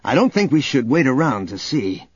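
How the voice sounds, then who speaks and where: A man voicing a calm, protective young male hero who speaks low and measured. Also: husky, no echo. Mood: urgent. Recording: dull audio under loud music.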